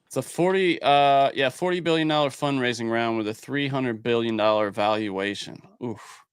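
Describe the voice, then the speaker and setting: A man's voice: mid-range voice, moderate pace, clear, resonant tone, no room sound, studio quality. A man co-hosting a podcast, chatting casually and rambling with frequent restarts. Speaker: podcast co-host.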